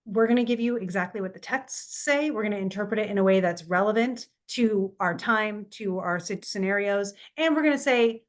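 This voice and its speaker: A woman's voice: mid-range voice, moderate pace, hardly any pauses. A woman co-hosting a casual podcast, speaking earnestly and with heartfelt emphasis. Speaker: podcast co-host, astrologer.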